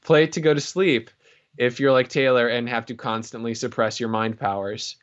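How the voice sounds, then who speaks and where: A man's voice: medium pitch, steady tone, moderate pace, lo-fi sound. A man co-hosting a podcast in casual chat, rambling and joking with plenty of fillers. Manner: rambling, jokey, lots of fillers. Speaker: podcast co-host.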